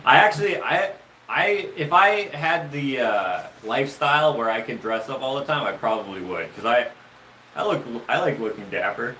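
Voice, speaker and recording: A man's voice: medium pitch, lively intonation, normal speed, pushed and bright. A man casually telling stories on a livestream, rambling and restarting his sentences. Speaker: livestream host. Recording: roomy, distant mic with faint noise.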